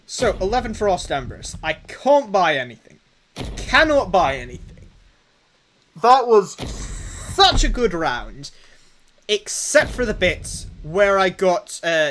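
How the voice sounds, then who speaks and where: A young man with a high voice commentates his own game for a live chat. He boasts playfully and thinks out loud, taking his time between thoughts. A faint hum sits behind him. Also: very animated, slow pace. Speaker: gaming streamer.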